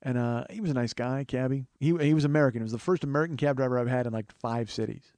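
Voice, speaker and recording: A man's voice: mid-range voice, quick pace, a little mellow, no echo. Wry, profane man telling a story. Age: 40s. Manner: profane, wry, acts out other people's voices. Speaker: podcast host. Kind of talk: solo storytelling monologue.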